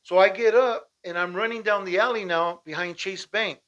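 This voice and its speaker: A man from Southern California tells his story in a loose, animated voice that sits on the higher side. He keeps checking in with "right?" and acts out the shouting. The home recording sounds dull and muffled. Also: moderate pace. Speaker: storyteller recounting a personal escape. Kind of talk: casual spoken storytelling. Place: at home with dogs nearby.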